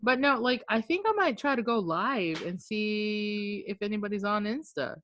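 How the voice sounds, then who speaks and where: Lively young woman podcast host. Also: mid-range voice, normal speed, background noise. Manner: loud, laughing, swears freely. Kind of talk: casual chat.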